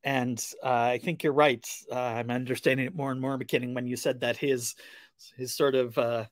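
A man's voice: mid-range voice, little pitch movement, moderate pace, dry recording, studio quality. A man co-hosting a casual online panel discussion, speaking hesitantly with many fillers and hedges.

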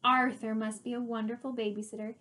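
A woman's voice: fairly high pitch, little pitch movement, brisk, sharp tone, voice pushed down. A woman doing a cheerful, doting mother.

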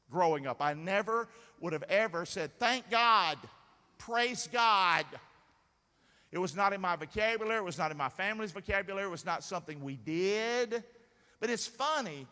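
Bright-voiced pastor preaching. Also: male voice, sits high. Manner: energetic, calls for congregation responses. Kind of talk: sermon. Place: large church sanctuary. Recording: long hall reverb in church.

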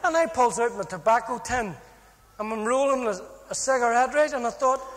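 A Northern Irish man shares his testimony in a strikingly high voice, animated and funny, playing out every exchange as he goes. His words ring out with a long reverb, like a big hall. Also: normal speed, slight background noise. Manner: animated, humorous storytelling with acted-out dialogue. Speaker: speaker giving a personal testimony. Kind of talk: storytelling testimony.

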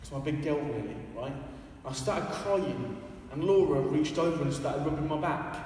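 A man's voice: on the high side, normal speed, a little mellow, slight background noise. A man preaching a casual, joking, self-deprecating sermon in a church. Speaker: evangelist preacher. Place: church hall. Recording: echoey hall, far from the mic.

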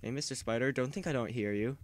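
A man putting on a rough, exaggerated fake Scottish voice as a vengeful adventurer in a game commentary. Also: mid-range voice, quick pace, no echo, close to an everyday voice. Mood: taunting. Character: gruff vengeful mock-Scottish adventurer, male.

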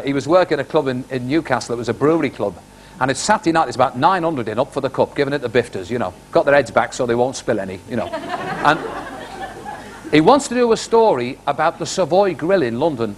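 A middle-aged man warming up a live television studio audience, telling jokes and stories in a chatty, animated way and throwing questions to the crowd. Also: medium pitch, fast, slight background noise. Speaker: studio warm-up comedian.

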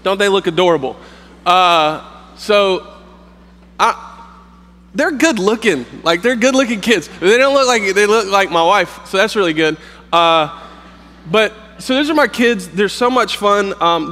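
Joking pastor in a reverberant hall. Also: male voice, sits high, sharp tone. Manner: joking, storytelling, halting with fillers. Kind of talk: humorous preaching. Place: campus worship hall.

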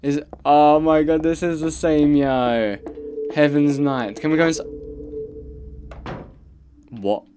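Unhurried man muttering through a game. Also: on the high side, steady tone, noisy background. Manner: reactive, exclaiming and muttering to himself. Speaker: let's play gamer. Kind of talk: casual gameplay commentary.

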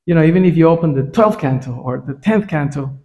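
Recorded in muffled sound, this man leads a temple scripture class at a fast clip, his high voice full of lively intonation. He talks conversationally and regularly checks in with a "right?"

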